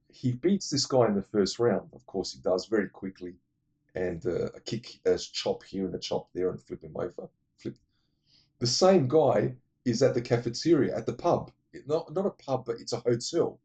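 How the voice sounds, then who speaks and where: Rambling, cursing man, mellow voice. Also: fairly low pitch, husky. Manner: rambling and profane, loses his thread; acts out the characters' lines in quick impressions. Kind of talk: casual retelling of a film plot.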